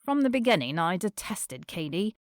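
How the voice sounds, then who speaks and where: A woman's voice: fairly low pitch, big pitch swings, moderate pace, no echo, studio quality. A woman doing a gossipy male friend.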